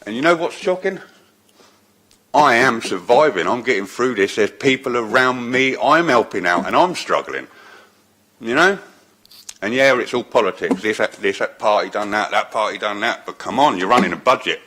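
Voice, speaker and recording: A council tenant, speaking out emotionally and bluntly at a public council meeting. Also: male voice, medium pitch, expressive, moderate pace, bright, forceful tone. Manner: emotional, raises his voice, blunt. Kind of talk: impassioned public statement.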